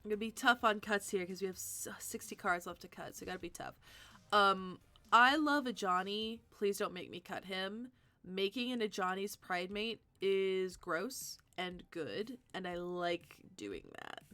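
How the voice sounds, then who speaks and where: A woman's voice: mid-range voice, expressive, a little slow, bright, forceful tone. A woman hosting a live stream, chatting casually and answering viewers' comments as she thinks aloud. She is tired and sleepy. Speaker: livestream host.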